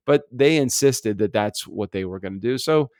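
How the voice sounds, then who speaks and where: Laid-back rambling American man, fairly low voice. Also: animated, normal speed, a little mellow, dry recording, clean studio sound. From United States. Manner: rambling, laughing and swearing freely. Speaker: podcast co-host. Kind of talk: casual chat. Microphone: remote podcast recording setup.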